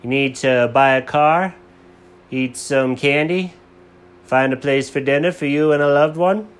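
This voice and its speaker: A man's voice: on the high side, measured pace, clear, resonant tone, lightly acted. A man voicing a laid-back, helpful male cat who runs a shop, talking in an easygoing, chummy way. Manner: easygoing, calls everyone man.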